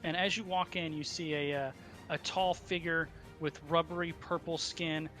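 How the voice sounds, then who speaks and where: A man narrating as dungeon master, halting often with ums and uhs. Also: fairly high pitch, level tone, pushed and bright, faint music behind. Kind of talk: narrating a tabletop game.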